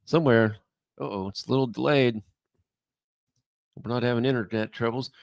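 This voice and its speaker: A man co-hosting a live show, reading out viewer questions and chat messages in a relaxed manner. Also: mid-range voice, moderate pace, gravelly, no room sound, clean studio sound. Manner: reads questions and super chats, easygoing. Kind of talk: casual live-stream chat.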